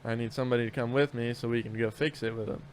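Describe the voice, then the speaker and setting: A man's voice: mid-range voice, steady tone, very fast, slight background noise. A man in casual podcast chat, telling work stories in a rambling, profane way with lots of restarts.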